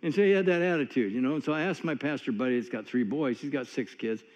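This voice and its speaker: A man's voice: medium pitch, fast talker, darkish tone. A man preaching a sermon in a folksy, conversational way, telling stories with many asides. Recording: long hall reverb, dull lo-fi sound.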